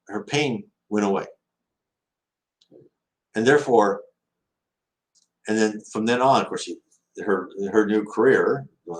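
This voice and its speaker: Low-voiced man telling stories casually. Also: rough recording. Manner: rambling, with frequent restarts, acting out quoted speech. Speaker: host answering viewer questions. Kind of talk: casual storytelling talk.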